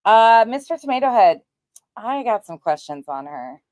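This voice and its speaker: A woman's voice: fairly high pitch, big pitch swings, moderate pace, a little mellow, dry recording. A woman hosting a casual livestream, greeting viewers by name and chatting bluntly, swearing now and then. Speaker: livestream host.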